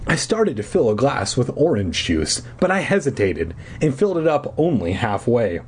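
A man's voice: mid-range voice, sing-song, normal speed, darkish tone, breathy edge. A man in his twenties reading a children's book aloud on a podcast, with wry, self-mocking asides. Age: 20s.

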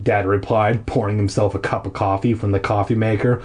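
A man's voice: on the low side, level tone, fairly quick, few pauses, a little mellow. A man casually reading a children's novel aloud, irreverent and laughing at his own slips. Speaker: reader of a children's horror novel. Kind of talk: casual audiobook reading with jokey asides.

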